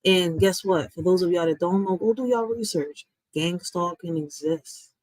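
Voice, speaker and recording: Swearing through a blunt, heated rant, a woman reaction streamer talks directly to her live chat, leaning on "listen" and "y'all" and jumping suddenly between loud and quiet. She has a fairly low voice at normal speed. There's no echo, though the recording is rough.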